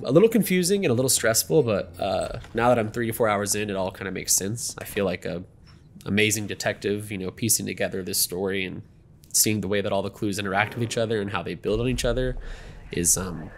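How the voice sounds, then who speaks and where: A man's voice: lowish voice, a little hiss or hum. A young man hosting a gameplay video, chatting casually with many ums and you-knows.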